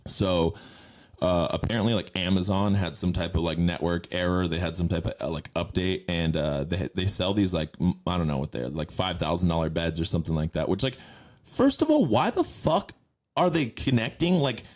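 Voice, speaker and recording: Low-voiced man, rambling podcast host. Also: fairly even intonation, fairly quick. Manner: rambling, profane, many fillers. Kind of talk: casual chat.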